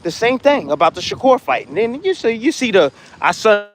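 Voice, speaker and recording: High-pitched man, ex-fighter, blunt and repetitive trash talk, casual monologue. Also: sing-song, fairly quick, no room sound. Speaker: former boxer giving opinions.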